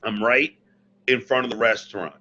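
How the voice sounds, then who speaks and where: A man telling a long prank story in casual chat, animated and self-mocking, recorded on his computer mic. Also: medium pitch, normal speed, dull audio. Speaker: podcast guest, former radio personality. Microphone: computer mic, not the podcast mic.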